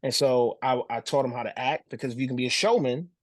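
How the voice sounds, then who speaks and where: A man from New Jersey, a podcast guest telling stories in casual talk, animated and full of restarts. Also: medium pitch, fast, no room sound. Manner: animated storyteller, acts out voices, frequent restarts. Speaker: podcast guest, former pro basketball showman.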